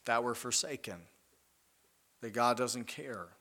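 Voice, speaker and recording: A man preaching a sermon in an earnest way, swelling loud on key lines and dropping soft and low after them. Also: takes it slowly.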